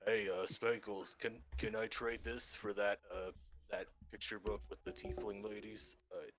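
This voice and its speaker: A man's voice: fairly low pitch, flat delivery, moderate pace, fairly bright tone, low-quality recording. A young man playing a tabletop game, joking around and restarting his words. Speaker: player. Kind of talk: casual tabletop role-play.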